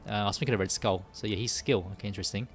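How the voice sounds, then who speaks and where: A gaming streamer races through live commentary on a mobile game, thinking aloud as he manages his characters and frequently correcting himself. His voice is fairly low and steady, with soft music playing behind him.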